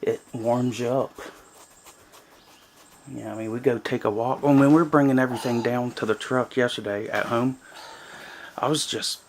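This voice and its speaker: A man's voice: mid-range voice, steady tone, moderate pace, pauses often, slight background noise. Rambling man chatting to camera. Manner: rambling, chatty, many fillers. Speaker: vlogger on a cabin trip. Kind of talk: casual chat to camera. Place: small cabin in the woods.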